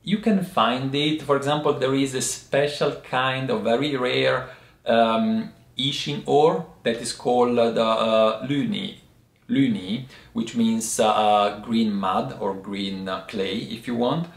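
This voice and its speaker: A man's voice: mid-range voice, fairly even intonation, creaky. Man explaining tea words in an echoey room. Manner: patient, explaining step by step with frequent pauses. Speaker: tea teacher. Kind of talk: language and tea lesson.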